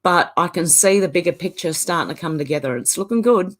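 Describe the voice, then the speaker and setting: A woman's voice: lowish voice, a little fast. A woman with an Australian accent and a smoker's cough, hosting a casual livestream chat from home, laughing often and greeting viewers by name. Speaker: channel host. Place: indoors at home, beside a filing cabinet.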